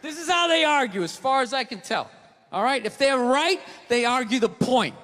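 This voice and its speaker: A man performing a stand-up comedy set, ranting profanely and often breaking into shouts. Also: very high-pitched, animated, normal speed. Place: large theater stage. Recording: echoey hall, loud crowd, noisy.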